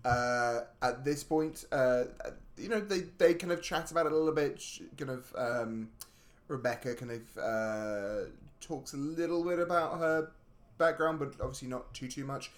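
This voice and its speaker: A man's voice: mid-range voice, normal speed. A man co-hosting a podcast, recapping a film plot in casual chat with wry jokes. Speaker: podcast co-host.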